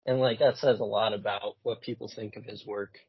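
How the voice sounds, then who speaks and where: Animated, husky-voiced male podcast co-host. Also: on the low side, fairly quick, dry recording. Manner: animated, swears, repeats himself. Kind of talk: casual chat. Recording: dull lo-fi sound.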